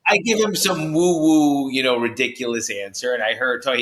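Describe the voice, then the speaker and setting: A man from New Jersey, a podcast guest, telling his story with high energy, lots of restarts and "you know"s. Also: fairly quick, a bit bright. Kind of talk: animated storytelling in conversation. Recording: roomy echo.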